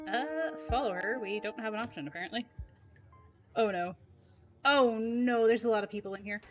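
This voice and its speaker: Young woman game streamer, giggly and chatty, fairly high voice, faint music behind. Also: normal speed, pauses often. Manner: giggly, chatty, reacting aloud. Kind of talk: live game playthrough with read-aloud narration.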